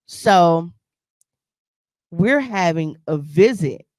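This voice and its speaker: A woman's voice: fairly low pitch, lively intonation, drawn-out words, a little mellow, dry recording. Blunt, profane woman telling a story. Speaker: podcast co-host. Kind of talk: casual storytelling chat.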